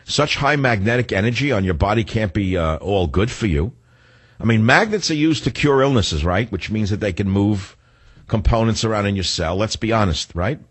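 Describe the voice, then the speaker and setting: An older male radio host holds forth in a low, slightly husky voice that swings widely in pitch as he rants. His delivery is sarcastic and rambling, full of restarts and asides. The studio sound is close and dry. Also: moderate pace, no echo. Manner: sarcastic, rambling, animated rants with self-corrections. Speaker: radio talk show host. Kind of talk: talk radio monologue.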